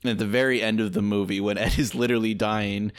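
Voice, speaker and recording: A man co-hosting a film podcast, retelling scenes in a relaxed way with lots of fillers. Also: lowish voice, fast, smooth, no echo, clean studio sound. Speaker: podcast co-host. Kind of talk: casual chat.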